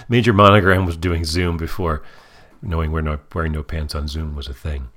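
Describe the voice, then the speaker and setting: A man co-hosting a casual podcast with his daughter, animated and quick to slip into silly character voices. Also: very deep voice. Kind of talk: casual chat.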